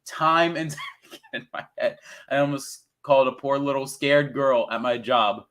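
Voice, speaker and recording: A young man co-hosting a casual movie review chat, rambling and excitable, with the odd swear word. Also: medium pitch, normal speed. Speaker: podcast co-host.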